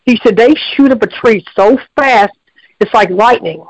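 A man whose voice sits high speaks at a moderate pace, captured in a muffled recording with no echo. Calling in to a radio show, he tells a long, rambling story in a folksy, repetitive style, frequently starting over.

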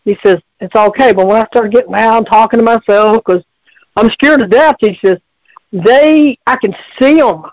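High-voiced man rambling on a call-in. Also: a little fast, no room sound, highs cut off. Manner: folksy, repetitive, lots of restarts. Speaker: radio show caller. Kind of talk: rambling casual storytelling.

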